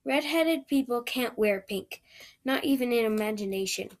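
A woman's voice: fairly high pitch, moderate pace, natural voice. A woman voicing a chatty, dreamy eleven-year-old red-haired girl who gushes in romantic chatter. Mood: gushing, dreamy. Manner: breathless, gushing, romantic chatter.

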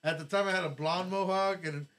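A man's voice: high-pitched, fairly even intonation, a little fast, a bit bright. A man telling a long story in casual chat as a guest, rambling with lots of fillers and casual swearing.

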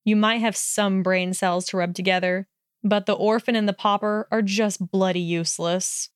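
A contemptuous young man who snarls and sneers at everyone, as a woman reads him aloud. The voice stays smooth and close, with no room sound around it. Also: medium pitch, steady tone, normal speed, dry recording, lightly acted. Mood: snarling. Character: sneering hostile young man, snide bully.

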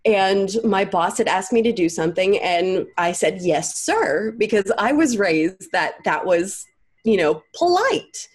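A young woman with a light Southern accent, speaking as a guest in a relaxed interview. She tells stories with ease and slips into the voices of the people she describes. Her voice sits at a middle pitch. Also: measured pace. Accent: light Southern American. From American South. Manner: storytelling, acts out quoted people. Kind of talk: casual interview chat.

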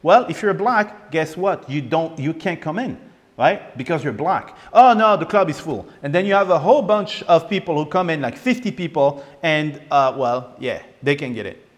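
A young man from France hosts a podcast, telling a personal story in a voice on the high side at normal speed, with a big-room sound. He is animated, repeats words and acts out quoted lines.

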